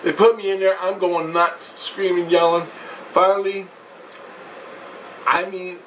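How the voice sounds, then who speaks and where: A man's voice: high-pitched, little pitch movement, a little slow, fairly bright tone, far from the mic, poor audio. A man rambles through a harrowing personal story, swearing freely and circling back on his words. He sits somewhat back from the mic, and a faint hum of ambient noise runs underneath. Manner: profane, emotional, rambling with restarts. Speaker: vlogger recounting a spiritual experience. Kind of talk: casual storytelling to viewers.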